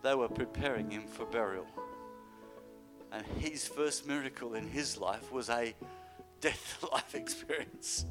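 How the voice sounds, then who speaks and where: A man preaching a sermon, telling a healing story and building to loud, high-pitched exclamations at the climaxes. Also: unhurried. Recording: music playing behind the voice. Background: guitar music.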